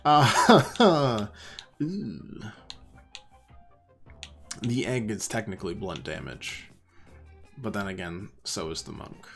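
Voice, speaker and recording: Male streamer, low register, loose self-mocking banter over gameplay. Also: expressive, moderate pace, gravelly, faint music behind. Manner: chatty, reads game menus aloud, self-mocking. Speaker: streamer playing a video game. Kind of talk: casual let's play commentary.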